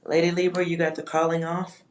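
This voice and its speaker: A woman's voice: on the low side, little pitch movement, fairly quick. A woman doing a live-stream psychic reading for her chat, talking in a musing way, reading out words, spelling some of them and swearing offhand. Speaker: livestream psychic reader.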